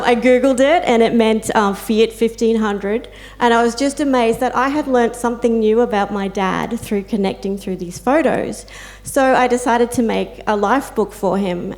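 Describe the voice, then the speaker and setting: An Australian woman tells heartfelt stories to an audience in a personal talk, leaning on fillers and quoted asides. She's a peer support volunteer and carer on a panel, and her voice sits a little high with a darkish tone.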